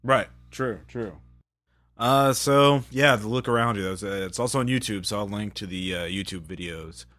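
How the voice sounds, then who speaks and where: A man's voice: fairly low pitch, normal speed, a bit bright. A man co-hosting a podcast, chatting casually in a dry, self-mocking way with frequent restarts. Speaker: podcast co-host. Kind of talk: casual banter about games and media.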